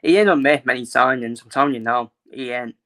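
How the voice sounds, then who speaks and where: A man's voice: medium pitch, fast talker, bright, forceful tone. A young man ranting casually in his own vlog, frustrated and blunt, repeating himself and swearing. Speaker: football fan vlogger. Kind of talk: casual opinion rant.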